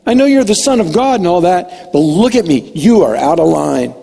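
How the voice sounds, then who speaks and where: A man's voice: high voice, big pitch swings, moderate pace, creaky, mellow, slightly rough, long reverb tail, heavily acted. A man putting on an indignant scolding apostle. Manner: exasperated, lecturing. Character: indignant male apostle scolding his teacher.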